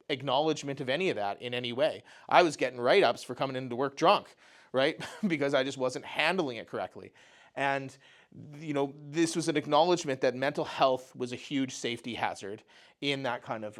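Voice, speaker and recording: A man speaking at a mental health talk and telling a personal story in a conversational way, often saying "you know" and "right?". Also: mid-range voice.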